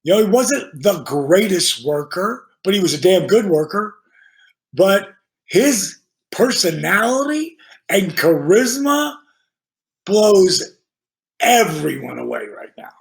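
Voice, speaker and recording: High-voiced older man telling stories. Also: slow pace, gravelly. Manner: profane, animated storytelling with acted-out quotes. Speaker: podcast guest, former pro wrestler. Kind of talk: casual storytelling chat.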